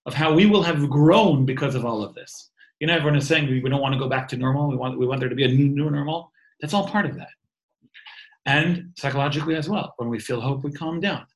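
A man's voice: medium pitch, rough recording. Earnest man in his thirties teaching. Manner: earnest, repeats and restarts words. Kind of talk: informal talk on faith and wellbeing. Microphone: video call.

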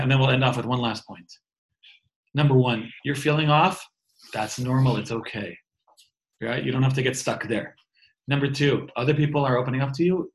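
A man's voice: medium pitch, slight background noise, rough recording. A man in his thirties giving an informal, earnest talk on faith and wellbeing over a video call, often repeating and restarting words. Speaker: teacher.

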